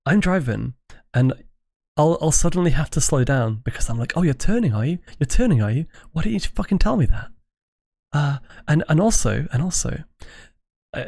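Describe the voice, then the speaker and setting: A man's voice: medium pitch, dry recording, clean studio sound. A British man hosting a casual livestream, rambling, restarting his sentences and swearing freely into a desk microphone. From Britain. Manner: rambling, self-interrupting, swears and laughs easily. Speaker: livestream host.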